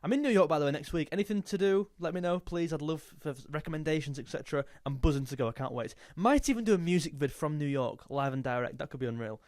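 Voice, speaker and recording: Talking fast with few pauses, a young man in a slightly high, a little mellow, animated voice keeps his casual chat jokey. The music YouTuber drops in bits of sung lines, recorded with studio quality and no room sound.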